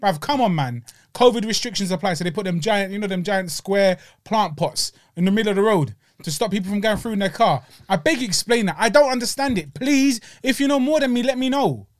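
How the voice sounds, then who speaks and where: A London man co-hosting a podcast, his voice sitting high. He talks in animated, slang-heavy bursts and leans hard on every point. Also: fairly quick, hardly any pauses. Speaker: podcast co-host. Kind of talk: casual chat.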